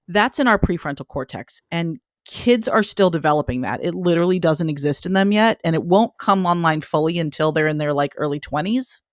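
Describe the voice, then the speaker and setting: A woman's voice: lowish voice, no echo, clean studio sound. A woman in her forties, a parenting author, explaining candidly in a podcast interview with self-deprecating humor.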